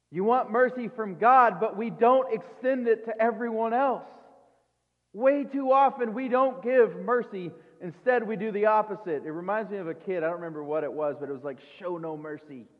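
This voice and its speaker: A male pastor with a high voice preaches in an easy, conversational way, firing off rhetorical questions and quick asides. The sound is thin and tinny, like a phone line, and a long reverb hangs after his words. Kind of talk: sermon.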